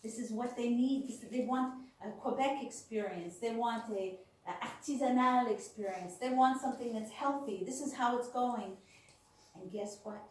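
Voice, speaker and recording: Animated woman storyteller, echoey and distant. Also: a little high, normal speed. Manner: animated storyteller, acts out quoted voices. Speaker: speaker sharing personal experiences. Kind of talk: storytelling talk to a small audience. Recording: echoey room, voice from far off.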